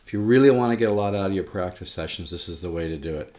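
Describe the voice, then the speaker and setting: A man's voice: low voice, rapid-fire. A man giving a casual guitar lesson, rambling with restarts and stressing his points. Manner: rambling, restarts, emphatic about practice. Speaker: guitar teacher. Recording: faint guitar playing behind.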